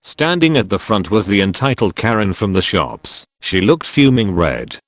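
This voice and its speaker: A text-to-speech man reads online posts in a steady, scripted delivery. His pitch sits low but rises and falls a lot. The sound is dry and close. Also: normal speed, no echo. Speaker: narrator reading online posts. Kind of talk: scripted narration.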